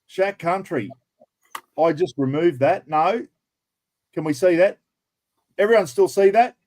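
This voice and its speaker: A man with an Australian accent hosts a casual livestream, pitched a little above most men. He talks in a matey, chatty way and laughs easily. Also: lively intonation, measured pace, a little mellow. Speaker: livestream host. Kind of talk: casual chat and prize draw.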